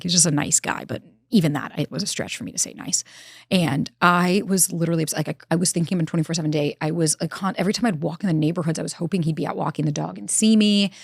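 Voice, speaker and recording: Fast-talking woman, lively storyteller. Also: low voice, creaky, dry recording, clean studio sound. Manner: animated, acts out her own inner dialogue. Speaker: relationship expert guest. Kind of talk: conversational storytelling. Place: studio.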